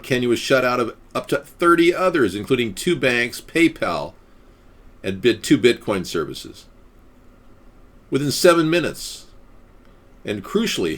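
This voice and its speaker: A young man hosting a live stream, loosely chatting with many fillers and reading an article aloud. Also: medium pitch.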